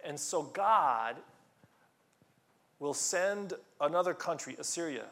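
A man with a fairly high voice delivers a sermon at a slow, deliberate pace. He preaches with feeling, restarting phrases and swelling to loud emphasis on key words. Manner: animated, rising to loud emphasis, with frequent restarts. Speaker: pastor.

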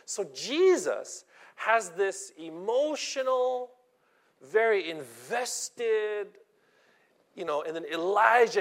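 Male preacher, high voice, slow and earnest sermon delivery. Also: animated, a bit bright. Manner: earnest, acts out quoted voices, repeats words.

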